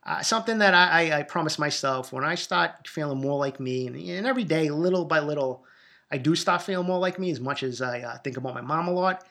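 A man's voice: a little high, fairly quick, vocal fry, pushed and bright. Male podcast host, 30s, solo monologue, profane and rambling, subdued and a bit depressed. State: low, borderline depressed mood.

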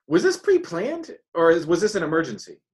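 Animated man reacting in casual chat. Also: high-pitched. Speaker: co-host.

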